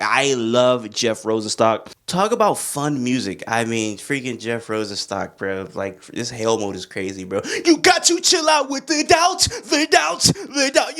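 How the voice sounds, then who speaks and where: Male music vlogger, casual and excitable, rambling slangy delivery, mid-range pitch. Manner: excitable, rambling, slangy, full of "bro" and "you feel me". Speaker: music reviewer. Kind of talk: casual album ranking vlog.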